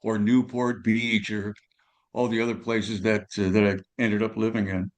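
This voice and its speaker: An older guest musician from California rambles through stories in an interview, packing his talk with fillers and tag questions. His voice is on the low side, with a level tone and moderate pace.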